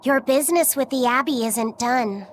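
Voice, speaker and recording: An actress voicing a gentle, earnest young boy in a video game, speaking softly and politely. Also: high voice, moderate pace, slight background noise, close to an everyday voice. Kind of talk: game voice acting.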